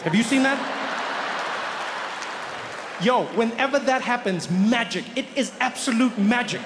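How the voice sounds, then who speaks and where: A young man with a South African accent works a crowd, telling animated stories and acting out the people in them. His voice sits high for a man. The live mic picks up a clear, steady layer of noise. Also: moderate pace. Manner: animated storytelling with acted-out voices. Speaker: stand-up comedian. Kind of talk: stand-up comedy. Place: comedy stage before an audience.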